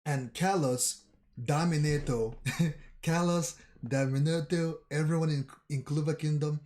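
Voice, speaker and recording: Slow-talking man reading a comic aloud. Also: on the high side, fairly even intonation, a little mellow. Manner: thinks aloud, often repeats phrases. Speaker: manga reaction streamer.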